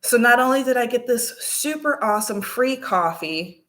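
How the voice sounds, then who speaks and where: Animated woman telling a story. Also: on the high side, normal speed. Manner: animated, acts out dialogue. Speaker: vlogger. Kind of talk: casual storytelling.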